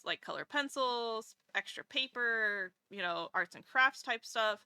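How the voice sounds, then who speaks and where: A woman streamer chatting casually while drawing, animated, laughing often and swearing casually. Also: mid-range voice, measured pace, hardly any pauses, clean tone, no room sound.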